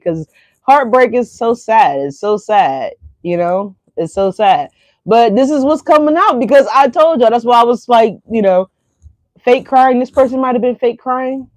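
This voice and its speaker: A woman's voice: mid-range voice, unhurried, pauses often, no room sound. A woman giving a casual tarot reading who rambles, swears, laughs to herself and talks straight to her viewers. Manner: rambling, profane, laughing asides. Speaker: tarot reader.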